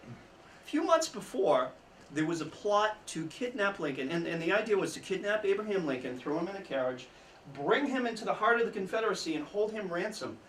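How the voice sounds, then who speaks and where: A man giving an informal history talk to an audience, telling the story with chuckling asides and lively emphasis. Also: high voice, a little fast. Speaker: history speaker. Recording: echoey room, mic at a distance, faint background noise.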